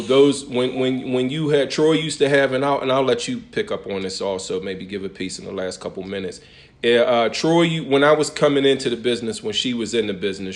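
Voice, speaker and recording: A man who is an insurance agent guest, speaking earnestly in a casual interview and repeating phrases for emphasis. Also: medium pitch.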